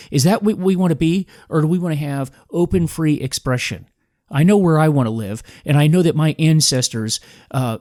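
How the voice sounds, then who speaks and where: A man's voice: on the high side, darkish tone, no room sound, studio quality. A man hosting a podcast, giving an emphatic, combative political commentary monologue in a preachy manner. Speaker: podcast host.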